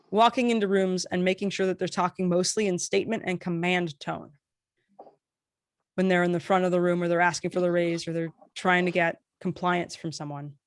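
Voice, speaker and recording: A woman teaching a casual workshop, animated with playful asides as she demonstrates intonation. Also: on the low side, no echo, clean studio sound. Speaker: workshop facilitator.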